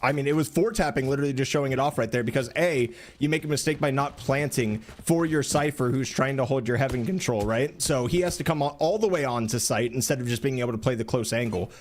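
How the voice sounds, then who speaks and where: A man casting an esports match, explaining plays analytically and getting excited during fights. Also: medium pitch, quick pace, few pauses. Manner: analytical, asks rhetorical questions, rises excitedly during action. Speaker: esports caster. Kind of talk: play-by-play commentary.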